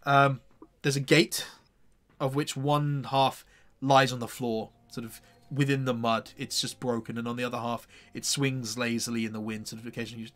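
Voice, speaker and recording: A man's voice: mid-range voice, fairly bright tone. A man narrating a tabletop role-playing game as game master, hesitant and full of restarts.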